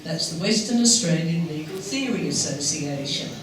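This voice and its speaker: A man hosting an event, giving a formal, measured introduction of the next speaker. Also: fairly high pitch, animated. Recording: echoey hall, distant mic, noise.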